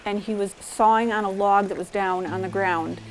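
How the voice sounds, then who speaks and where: A middle-aged woman calmly recalls family stories in a documentary interview. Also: mid-range voice, moderate pace, soft background music. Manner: calm, fond storytelling.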